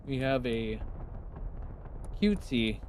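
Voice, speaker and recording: A man with a northern US accent chats loosely with his live-stream chat, answering questions with easy laughter in a middle-pitched voice. Steady background noise runs under his voice throughout. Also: slow. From United States. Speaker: game streamer.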